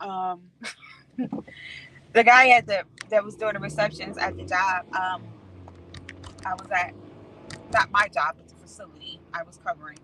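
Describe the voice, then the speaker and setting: A woman's voice: mid-range voice, fairly even intonation, normal speed, pauses often, bright, forceful tone, rough recording. Candid woman talking from a moving car. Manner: candid, swearing, laughing, colloquial. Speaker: vlogger. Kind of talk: casual livestream chat. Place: in a car at night. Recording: road noise from a moving car.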